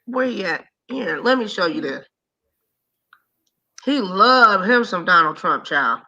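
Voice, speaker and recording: A woman host in casual chat, speaking in a drawn-out, playful way. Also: mid-range voice, lively intonation, sharp tone, dull audio.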